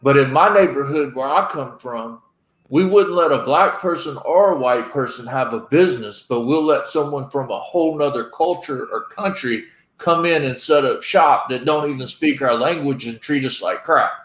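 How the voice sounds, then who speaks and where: A man's voice: medium pitch, normal speed, a bit bright. Earnest man in a roomy echo. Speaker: podcast host. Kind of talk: casual chat.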